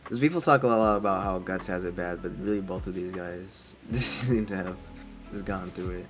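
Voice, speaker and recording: A man's voice: deep voice, moderate pace, music in the background. A man co-hosting a casual podcast chat, hesitant and agreeable, often trailing off and restarting his sentences. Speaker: podcast co-host.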